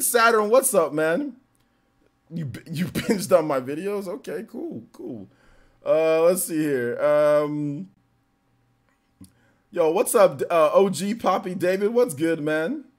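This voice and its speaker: A man streaming live, greeting viewers from chat one by one and laughing at trolls in a casual, slangy way. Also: high-pitched. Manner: shouts out chat names, trash-talks trolls, laughs often.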